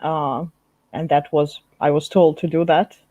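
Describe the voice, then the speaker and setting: A woman's voice: sits low, flat delivery, a little slow, dark tone, no echo. A woman with a Slavic accent chatting casually as a guest on a video call, laughing often.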